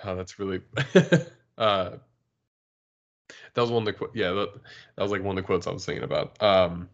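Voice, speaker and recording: A very low-voiced man chats easily, laughing often and sounding keen. The sound is muffled and lo-fi, like a simple podcast recording. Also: moderate pace. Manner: laughs a lot, relaxed, enthusiastic. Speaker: podcast co-host. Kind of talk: casual chat about comics.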